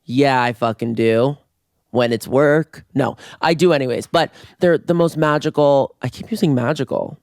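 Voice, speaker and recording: A man hosting a casual solo podcast, playful and campy, breaking into screams, his voice going hoarse. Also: mid-range voice, normal speed, darkish tone, no room sound, studio quality. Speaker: podcast host. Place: residence room in Toronto. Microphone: podcast mic on video.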